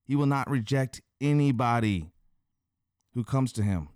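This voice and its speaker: Excitable slangy man unpacking scripture. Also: mid-range voice, unhurried, clean tone, dry recording, studio quality. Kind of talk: casual Bible commentary.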